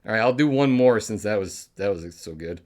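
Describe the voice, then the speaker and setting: Rambling, animated male talk show host. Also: on the low side, brisk. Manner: rambling, laughs at his own bad jokes. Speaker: public access show host. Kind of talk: rambling live sign-off chat.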